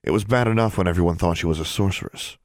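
A man narrating an audiobook chapter in an even, steady storytelling manner. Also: deep voice, fast talker, no echo, clean studio sound. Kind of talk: scripted narration.

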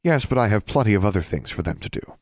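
A man with a low voice voicing a large, cheerful female witch custodian who talks in a brisk, breezy and casually crude way. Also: lively intonation, no echo, studio quality.

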